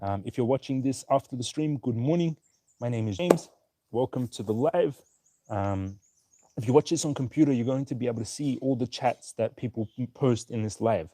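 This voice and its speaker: Upbeat male livestream host, mellow voice. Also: medium pitch, normal speed, slight background noise. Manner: upbeat, reads viewer names and places one after another. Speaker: stock market livestream host. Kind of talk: casual livestream chat, greeting viewers.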